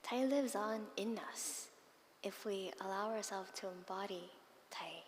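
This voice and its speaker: A woman Buddhist nun giving a dharma talk, telling personal stories expressively with soft, breathy asides. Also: mid-range voice, measured pace, a little hiss or hum. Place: monastery meditation hall. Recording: long hall reverb with faint ambience.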